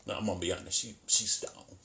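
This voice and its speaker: A man with a fairly low voice gives a lively, casual recap of a horror series. His talk is colloquial and full of laughter. He often rises in pitch and volume when he gets excited. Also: quick pace, vocal fry. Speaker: show recap vlogger. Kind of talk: casual commentary.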